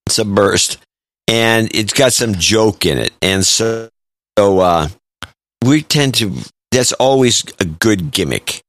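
A man co-hosting a podcast, bantering in a dry, deadpan way. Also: lowish voice, slow, no room sound. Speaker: podcast co-host. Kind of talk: casual chat.

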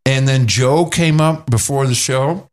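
A man's voice: medium pitch, a little slow. A middle-aged man hosting a casual chat, telling anecdotes with lots of acted-out quotes. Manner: animated anecdotes, acts out quoted voices. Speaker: podcast host.

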